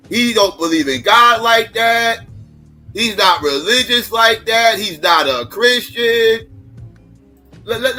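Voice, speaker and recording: A heated male stream host rants at his viewers in a blunt, repetitive, profane way. His voice sits high and sounds bright and forceful. Faint music plays under him. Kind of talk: profane political commentary.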